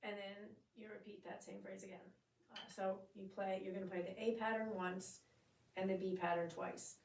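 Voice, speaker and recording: A woman's voice: mid-range voice, flat delivery, moderate pace, a little mellow, recorded from a distance, a little hiss or hum. A woman teaching a drum part, explaining each section and chanting the drum syllables and counts aloud. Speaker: drumming instructor. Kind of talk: step-by-step music lesson. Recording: echoey room, voice off-mic.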